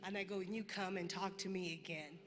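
A woman's voice: fairly low pitch, fairly even intonation, a little fast, noisy background. A woman from the congregation telling a personal story, chatty and quoting herself and others. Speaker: church member giving testimony. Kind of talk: personal testimony. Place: church hall. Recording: church hall reverb.

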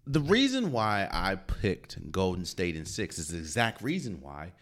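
A man's voice: low-pitched, unhurried. A man hosting a solo sports podcast, talking casually and stopping to repeat words as he restarts. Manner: animated, repeats words when restarting, laughs often. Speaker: podcast host. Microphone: podcast mic.

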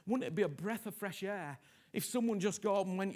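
Man, middle-aged preacher, fairly high voice, hushed then booming, repetitive pleading sermon. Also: brisk. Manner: swings from hushed whispers to loud impassioned pleading; repeats himself, asks "you understand me?" often.

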